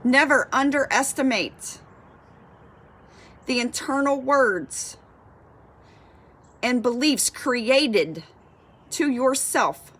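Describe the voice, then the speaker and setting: A woman's voice: high-pitched, animated, very slow, pauses often, fairly bright tone, breathy edge. A woman fitness coach giving a passionate motivational talk, fired up and repeating her points for emphasis.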